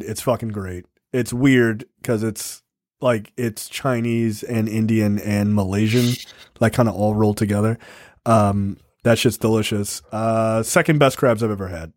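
A man's voice: lowish voice, normal speed, dry recording, studio quality. A man co-hosting a podcast in casual chat, talking in a laid-back, rambling way with lots of swearing and fillers. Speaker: podcast co-host.

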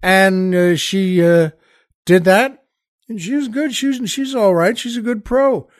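Brief: high-pitched male comedian, animated storyteller, dips to a hush and then bursts louder, dry close sound. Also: unhurried, no echo. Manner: animated, acts out quoted voices, shifts between hushed and loud. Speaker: comedian telling a backstage story. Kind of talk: storytelling anecdote.

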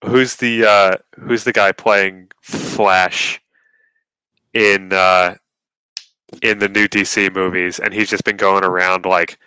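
A man co-hosts a loose podcast conversation, his voice bright and cutting. He trips over his own words, repeating them as he builds an exasperated, profane point. The sound is dry and close. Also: low-pitched, flat delivery, takes it slowly, smooth, dry recording, poor audio. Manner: stammering restarts, repeats words. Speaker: podcast co-host. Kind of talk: casual chat.

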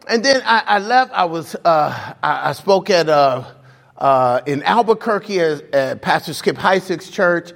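A pastor preaching a sermon in a slightly raised voice, taking his time over each phrase. He tells his story with animated swings between loud exclamations and quiet lows. The sound carries a long reverb from a large auditorium. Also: a little slow, vocal fry.

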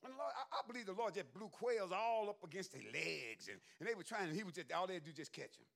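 Male pastor, sermon delivery; gravelly, pitched a touch high, folksy and dramatic. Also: expressive, fast, a bit bright. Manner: dramatic, preachy, jumps into high exclamations; folksy, humorous asides. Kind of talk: sermon with storytelling.

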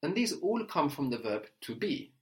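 A male teacher explains step by step in a patient, unhurried way. He often checks in with a questioning "no?" as he guides a learner through a spoken lesson. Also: fairly high pitch, sing-song. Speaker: language teacher.

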